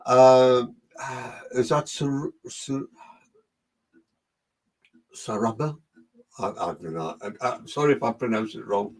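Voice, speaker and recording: A man's voice: medium pitch, slow pace, long pauses. Geordie man, spiritual medium, chatty live-stream host, mid-range voice. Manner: chatty, greets viewers by name. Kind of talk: live online reading session.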